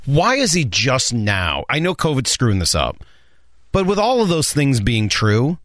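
A man's voice: medium pitch, wildly swooping pitch, unhurried, fairly bright tone, dry recording, studio quality. Probing male sports radio co-host. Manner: probing, thinking aloud with restarts. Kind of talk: casual sports talk.

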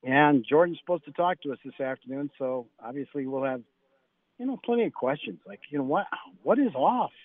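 A man's voice: mid-range voice, brisk, no echo. A man reporting on football practice as a radio guest, talking animatedly and acting out what coaches said. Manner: animated, quotes coaches in lively bursts. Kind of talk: phoned-in radio interview. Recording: tinny phone line.

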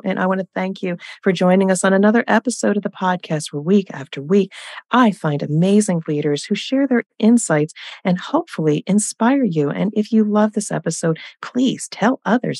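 A woman's voice: lowish voice, a little mellow, no room sound, studio quality. A woman hosting an interview podcast, welcoming her guest in an upbeat, effusive way. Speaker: podcast host.

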